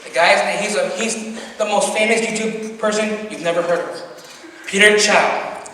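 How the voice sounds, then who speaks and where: A man's voice: high-pitched, steady tone, measured pace, sharp tone. A teenage boy doing a stand-up comedy set, telling rambling stories with frequent giggles and ums. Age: teens. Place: school auditorium. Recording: echoey hall from far off, faint noise.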